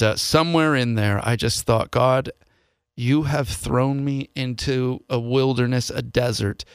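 A man's voice: mid-range voice, gravelly, smooth, no echo, studio quality. A man from Seattle, a podcast host, telling a personal story in an earnest, confessional way and voicing his past thoughts as quotes. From Seattle, USA.

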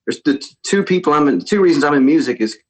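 A man, a musician guest, telling a lively story in a casual interview, often mimicking others. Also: a little high, quick pace, low-quality recording.

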